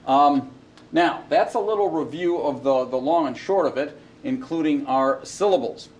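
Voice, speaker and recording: Halting male Hebrew lecturer. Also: a little high. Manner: halting, many ums and restarts. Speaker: Hebrew instructor. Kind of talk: recorded classroom lecture.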